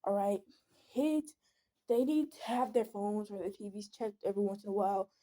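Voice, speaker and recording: A woman's voice: mid-range voice, steady tone, moderate pace, mellow. A teenage girl venting in a casual monologue, earnest and rambling, often pleading. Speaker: vlogger.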